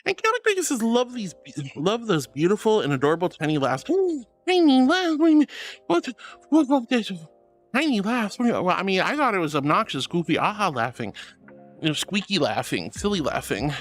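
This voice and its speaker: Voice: mid-range voice, big pitch swings, brisk, soft background music. A streamer in casual live-stream chat, thanking viewers and calling them sweetie and honey, laughing often.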